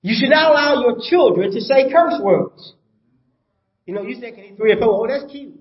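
A man's voice: very high voice, expressive, moderate pace, reverberant, highs cut off. An older man preaching a sermon as pastor, emphatic, repeating his points and asking the congregation rhetorical questions.

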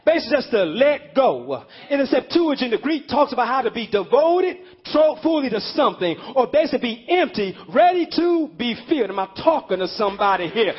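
A man preaching a sermon, emphatic and fervent, repeating his points and rising to shouts. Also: extremely high pitch, big pitch swings, brisk, hardly any pauses, breathy edge. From Illinois. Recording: dull lo-fi audio.

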